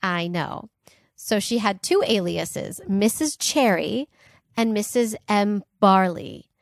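Podcast co-host, woman, casual storyteller, mid pitch, dry close sound. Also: expressive, takes it slowly, creaky, dry recording. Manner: chatty, jokey, fillers and asides.

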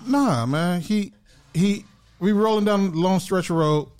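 A man's voice: high voice, a little slow, a little mellow, slight background noise. A man hosting a casual podcast, laid-back and storytelling, acting out voices in his jokes. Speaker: podcast host.

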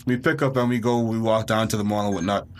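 Animated young man telling a story. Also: on the low side, quick pace. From Bahamas. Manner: animated, acts out quotes with rising panic. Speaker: podcast co-host. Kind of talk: casual storytelling chat.

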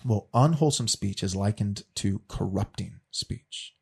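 Husky male teacher, casual, earnest, restarts often. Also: fairly low pitch, measured pace. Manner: earnest, repeats words as he restarts.

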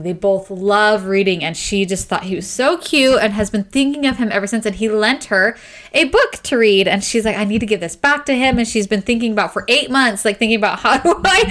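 An eager woman chatting on a podcast, racing through a novel's plot. She slips in and out of the characters' lines with rising excitement. Her voice stays at an ordinary middle pitch. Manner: excited retelling, acting out lines. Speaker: podcast co-host. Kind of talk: casual book chat.

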